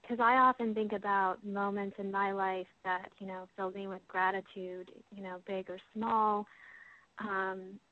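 A woman host asks gentle, halting questions in an interview. Her voice comes through thin and phone-like. It sounds dry, with no room around it. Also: mid-range voice, flat delivery, no room sound. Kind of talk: casual interview.

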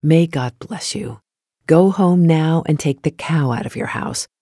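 A storyteller voicing a wise, patient old rabbi who speaks calmly and kindly in a storybook reading. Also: medium pitch, dry recording, clean studio sound, lightly acted. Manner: calm, measured, kindly.

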